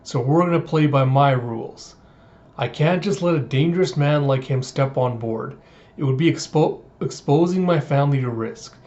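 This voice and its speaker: A man's voice: medium pitch, moderate pace, a little mellow, close to an everyday voice. A man reading as a stern old pirate captain. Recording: dull lo-fi audio.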